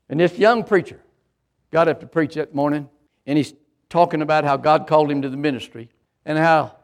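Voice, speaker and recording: An older man, a pastor, preaching a sermon with an emphatic, repetitive cadence. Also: fairly high pitch.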